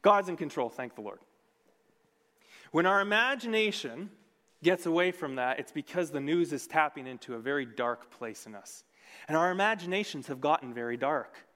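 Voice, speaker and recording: A man preaching a sermon in a church, earnest and conversational, with sudden swings between loud and soft. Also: a little high, lively intonation, normal speed. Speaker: pastor. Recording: long reverb of a large hall.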